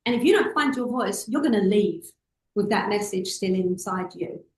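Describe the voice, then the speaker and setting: A woman's voice: medium pitch, moderate pace, roomy sound, slight background noise, low-quality recording. A woman, a public speaking coach, telling stories expressively as an interview guest. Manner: expressive, acts out voices in anecdotes.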